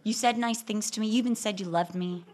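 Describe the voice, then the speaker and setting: A woman voicing her husband, a pastor, calmly and gently reasoning with her. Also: slight background noise, natural voice. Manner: gentle, measured, softer and lower.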